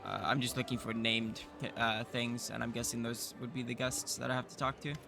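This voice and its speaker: A man's voice: mid-range voice, level tone, a little fast, creaky. A man hosting a gaming channel, thinking aloud in casual commentary. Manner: thinks aloud, chatty with fillers. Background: faint game music.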